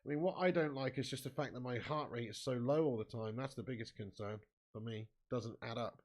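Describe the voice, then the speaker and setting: A man's voice: mid-range voice, a little fast. A man hosting a live football watch-along, chatting casually with viewers and calling them mate and lad. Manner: erupts into angry shouting at the match.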